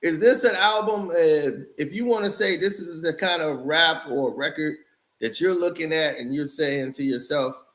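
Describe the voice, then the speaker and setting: A man with a high voice tears into an album in a loose, casual rant. He is blunt and scornful and laughs often, and his voice rings in an echoey room. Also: normal speed, fairly bright tone. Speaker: album reviewer. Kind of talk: casual music review rant.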